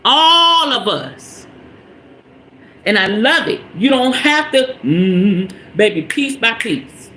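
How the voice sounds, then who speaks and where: A woman's voice: a little high, big pitch swings, slow, sharp tone, a little hiss or hum, rough recording. A woman hosting a spiritual podcast, giving an emphatic, preachy motivational talk straight to her listeners.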